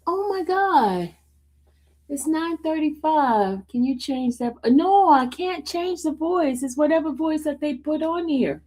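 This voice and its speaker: A woman's voice: high voice, measured pace, few pauses, warm tone. A woman host chatting casually with her livestream viewers, in a drawling, slangy way, often breaking into helpless laughter and calling on the Lord. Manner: laughing helplessly between words. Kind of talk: casual chat with live viewers.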